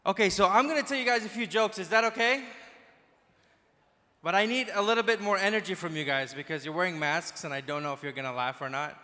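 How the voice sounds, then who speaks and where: Man, 30s, from Dubai, stand-up comic, chatty and self-mocking, fairly high voice, long hall reverb. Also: a little fast, sharp tone. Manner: chatty, self-deprecating, teasing the crowd. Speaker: stand-up comedian. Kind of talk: stand-up comedy with crowd work. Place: large conference hall.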